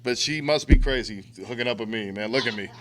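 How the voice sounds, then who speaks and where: A man's voice: mid-range voice, fast, a bit bright. A middle-aged man giving a blunt, profane talk to a recovery group, using street slang and acting out quotes. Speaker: recovery speaker.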